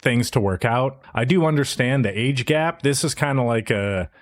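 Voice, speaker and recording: A man's voice: medium pitch, moderate pace. A young man co-hosting a podcast, casually recapping an anime episode and briefly voicing the characters as he retells scenes. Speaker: podcast co-host.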